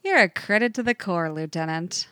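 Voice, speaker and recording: A woman's voice: lowish voice, expressive, normal speed, a bit bright, clean tone, no room sound, clean studio sound. A woman reading an easygoing, wry army officer. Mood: amused.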